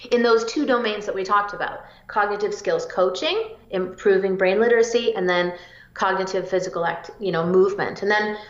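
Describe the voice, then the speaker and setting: A woman psychologist answering interview questions with eager energy and quick bursts of speech. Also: medium pitch. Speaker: psychologist guest. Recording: roomy, dull lo-fi audio.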